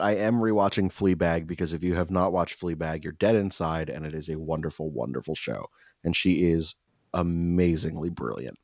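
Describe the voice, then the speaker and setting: Guy with a really low voice ranting and swearing on a podcast, dry dull-sounding mic. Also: no room sound. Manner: profane, exaggerated ranting with loud bursts. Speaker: podcast co-host. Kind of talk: casual storytelling chat.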